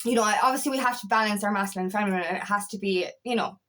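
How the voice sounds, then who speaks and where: A woman's voice: medium pitch, very fast, fairly bright tone. A woman, a feminine empowerment coach, talking candidly and confessionally, swearing freely and restarting her sentences often. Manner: raw, swearing, rambling and confessional with many restarts. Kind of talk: candid motivational monologue.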